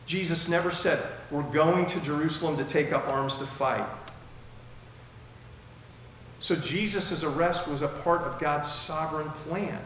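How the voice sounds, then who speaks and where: A male pastor with a slightly high, somewhat bright voice preaches an expository sermon verse by verse at a moderate pace, barely pausing. He keeps it chatty and conversational, often asking rhetorical questions. The recording is from a large, very echoey church hall with faint background noise.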